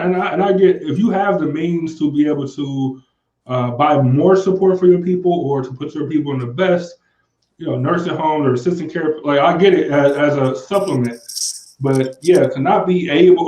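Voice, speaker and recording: A man's voice: a little high, darkish tone, roomy sound, rough recording. A man co-hosting a casual podcast and reading out viewer comments, talking in a laid-back way, repeating himself and trailing off. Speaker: podcast co-host.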